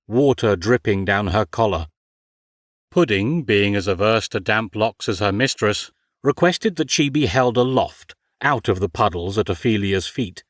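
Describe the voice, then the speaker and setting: A man narrating an audiobook in a measured, wry storytelling manner. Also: fairly low pitch, no room sound, clean studio sound. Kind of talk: scripted narration.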